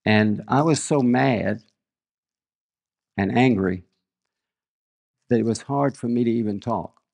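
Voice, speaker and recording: Gravelly older man preaching slowly. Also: mid-range voice, a little mellow. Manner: earnest, reads scripture aloud and tells family stories. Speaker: guest preacher. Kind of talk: sermon with personal storytelling.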